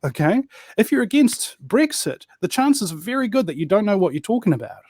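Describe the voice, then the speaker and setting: A high-voiced man with a New Zealand accent rants and tells stories as a guest, throwing in "bro" along the way. The sound is dry and close, with no room around him. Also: sing-song, brisk, a little mellow, no echo. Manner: ranting, storytelling, peppered with "bro". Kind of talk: casual political chat.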